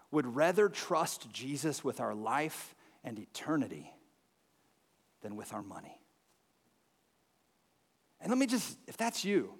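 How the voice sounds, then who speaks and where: A pastor delivers a sermon, his voice sitting high for a man. He talks loosely and conversationally, full of fillers, and acts out anecdotes with energy. The sound rings with long reverb from a church hall. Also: slightly rough. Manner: conversational, animated storytelling with frequent fillers.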